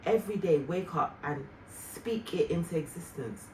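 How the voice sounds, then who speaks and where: Woman, family vlogger, earnest, reflective, soft fillers, echoey room, distant mic. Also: on the low side, lively intonation, normal speed. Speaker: vlogger mother. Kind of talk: heartfelt personal storytelling. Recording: roomy, distant mic, faint noise.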